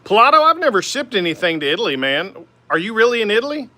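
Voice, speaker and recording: Bright-voiced Oklahoma man chatting casually. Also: sits high, very animated, fast talker, no echo. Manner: easygoing, rambling, lots of "man" and "uh". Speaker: woodturning livestream host. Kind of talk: casual livestream chat answering viewer comments. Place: home woodworking shop by the lathe.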